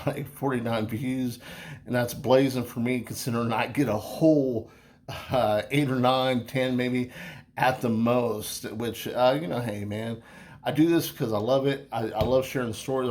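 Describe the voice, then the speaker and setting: A man's voice: medium pitch, darkish tone. A man talking casually through a beer review, easygoing and chatty, rambling with many fillers and restarts.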